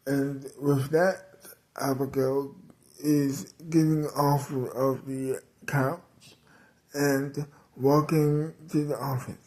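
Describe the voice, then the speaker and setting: A man narrating an improvised serial story, halting often and restarting sentences. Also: medium pitch, level tone, a little mellow. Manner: halting, many fillers and restarts.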